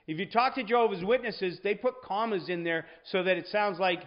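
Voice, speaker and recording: A man's voice: high-pitched, moderate pace, few pauses, lo-fi sound. A man teaching a Sunday school class on scripture, conversational, often checking in with the room.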